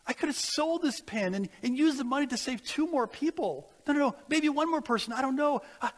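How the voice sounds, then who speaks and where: A man's voice: very high voice, expressive, brisk, voice pushed up. A preacher acting out an anguished man full of regret. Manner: pleading, breaking, repeating himself.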